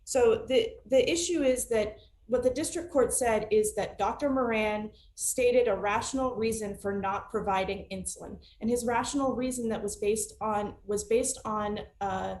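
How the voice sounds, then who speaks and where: A woman's voice: a little high, normal speed, darkish tone, reverberant. A woman attorney arguing an appeal remotely, hesitant with frequent restarts and fillers. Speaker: appellate attorney. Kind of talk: remote oral argument.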